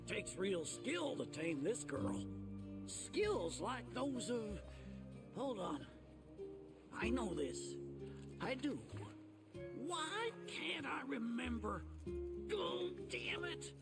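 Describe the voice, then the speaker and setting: An actor playing a gruff, folksy old male chocobo rancher in a video game, with a gravelly voice and old-timer sayings. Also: very high-pitched, very animated, extremely slow, long pauses, full character voice. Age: older. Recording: game dialogue over loud music. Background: game music.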